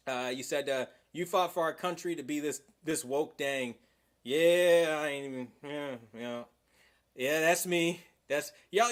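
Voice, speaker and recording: A young man with a fairly high voice hosts a casual livestream chat. He rambles loosely with many fillers, swears freely and gets heated quickly. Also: a bit bright. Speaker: livestream host.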